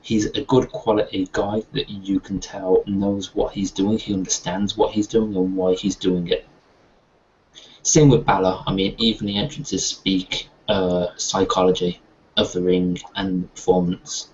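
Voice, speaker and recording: A man's voice: fairly low pitch, measured pace, gravelly. A British man co-hosting a casual wrestling chat, opinionated and long-winded, often restarting his sentences. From United Kingdom. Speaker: podcast co-host. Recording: dull lo-fi audio with faint noise.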